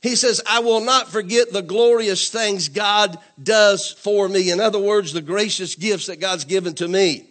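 A man with a notably high voice delivers a church sermon. He calls on the congregation for amens and repeats his points, swelling to emphatic declarations. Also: unhurried, hardly any pauses. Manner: call-and-response preaching, asks congregation to say amen; repetitive, emphatic, rising to louder declarations. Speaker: preacher.

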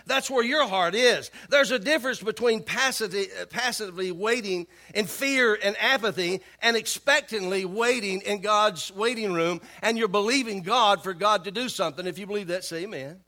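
A man's voice: high-pitched, moderate pace, few pauses. A male pastor preaching a sermon, calling on the congregation to respond and repeating key phrases. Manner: animated, acts out voices of worried believers.

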